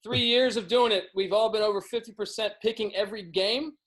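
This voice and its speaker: A man appearing as a guest over a video call, talking sports picks quickly and casually, often restarting his sentences. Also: high voice, steady tone, fairly bright tone. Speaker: sports betting podcast guest. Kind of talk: casual sports betting talk.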